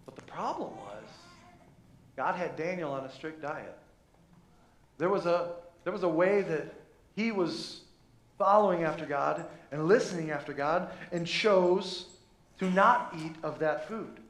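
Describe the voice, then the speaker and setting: A man's voice: on the high side, lively intonation, unhurried, pauses often, a bit bright. A man preaching a sermon as pastor, joking about himself and stumbling over restarts before driving home his scripture points. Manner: playful, self-mocking, many restarts. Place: church. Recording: echoey church room.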